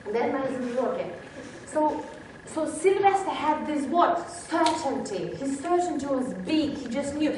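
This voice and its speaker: A woman's voice: sits high, lively intonation, a little slow, a little mellow, a little hiss or hum. A woman presenter at a workshop, telling a motivational story with lots of restarts and acted-out quotes. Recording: very echoey hall, distant mic.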